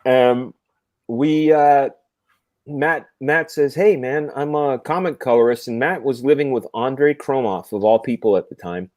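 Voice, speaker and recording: A man's voice: medium pitch, measured pace, darkish tone, no echo, studio quality. A man hosting a casual chat, telling rambling, joking stories with the odd swear word. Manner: loose, swearing, laughing anecdotes. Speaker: show host, comic artist.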